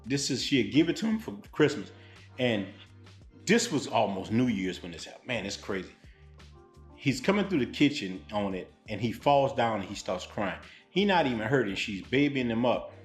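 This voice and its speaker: Blunt storyteller. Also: male voice, mid-range voice, normal speed, roomy sound, soft background music. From Louisiana, United States. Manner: animated, blunt, street-style storytelling. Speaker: vlogger. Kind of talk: storytelling vlog.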